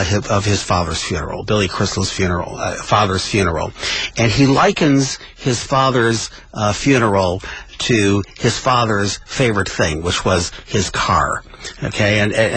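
A man's voice: on the low side, breathy edge, dry recording, rough recording. A man co-hosting a radio talk show, chatting and reading book passages aloud with growing emotion. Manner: reads aloud with mounting emotion, shouts quoted lines.

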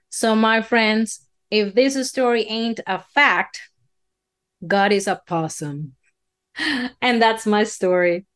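A woman storyteller spinning a folksy, dramatic tall tale in a drawling way. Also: mid-range voice.

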